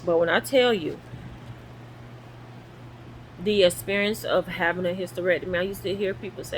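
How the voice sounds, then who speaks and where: A woman telling her own story in a casual, animated way, acting out the voices of the people in it, while sore and recovering at home. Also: fairly low pitch, normal speed, long pauses, slight background noise, rough recording. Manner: animated, acts out quoted voices. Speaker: vlogger. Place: guest room at home.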